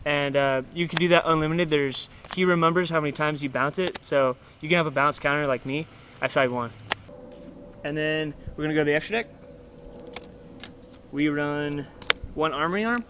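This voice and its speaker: A young man talks through his card game deck in a loose, profane ramble and breaks into loud acted-out outbursts as his opponents. His voice sits a little high for a man. A steady hiss of noise runs under the recording. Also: quick pace. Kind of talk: casual profanity-laden deck profile.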